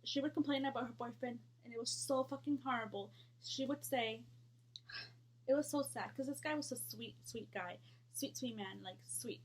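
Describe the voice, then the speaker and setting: Casting: woman, thirties, slightly high voice, blunt and profane, faint hum behind. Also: normal speed. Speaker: storyteller. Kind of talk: casual storytime vlog.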